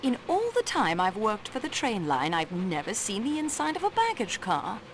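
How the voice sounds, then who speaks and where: Game cast: a polite, eager young woman investigator with an animated voice. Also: medium pitch, normal speed, a little hiss or hum. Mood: earnest. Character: earnest young female train company investigator. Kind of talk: game voice acting. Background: game music.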